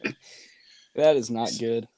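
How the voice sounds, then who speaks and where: A man guesting on a live online chat, rambling easily with plenty of fillers. His voice sits at an ordinary middle pitch. The recording is dry and close. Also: unhurried, a little mellow, no echo. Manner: easygoing, rambling, lots of "like".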